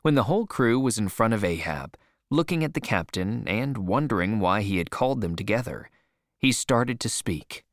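A man reading a storybook chapter aloud in slow, clear and expressive scripted narration. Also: on the low side, no room sound, studio quality.

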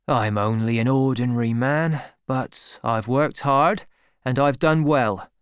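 A man's voice: mid-range voice, slow pace, clean tone, no echo, clean studio sound, natural voice. A man reading an earnest young shepherd. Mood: earnest pleading. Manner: earnest, gentle, pleading. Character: earnest young male shepherd farmer, pleading in love.

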